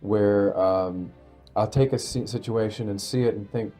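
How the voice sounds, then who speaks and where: A man in his thirties, an actor, speaking thoughtfully in an interview, pausing and restarting his phrases. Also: fairly low pitch, steady tone, warm tone, faint music behind. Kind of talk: sit-down interview.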